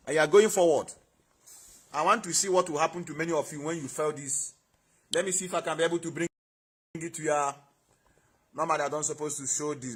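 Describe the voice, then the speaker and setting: A man's voice: mid-range voice, a bit bright. A man with a Nigerian accent hosting an impassioned livestream, preaching and asking his viewers rhetorical questions. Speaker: online show host.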